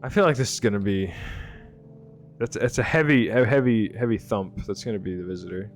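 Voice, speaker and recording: A man's voice: on the low side, a little fast, soft background music. A man streaming live gameplay who talks casually, jokes and swears.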